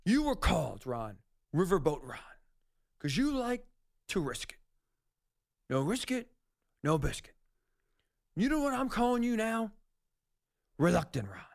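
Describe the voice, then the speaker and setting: A man hosting sports talk radio, ranting in an animated, sarcastic monologue about football decisions. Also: sits high, a little slow, vocal fry, pauses often.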